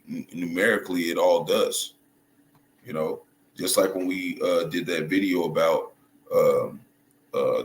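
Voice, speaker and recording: A man giving casual video commentary as a religious commentator, halting and hunting for words, often checking in with his listeners. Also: low-pitched. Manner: halting, restarts and hunts for words, checks in with "right?" and "you see?". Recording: echoey room with faint noise.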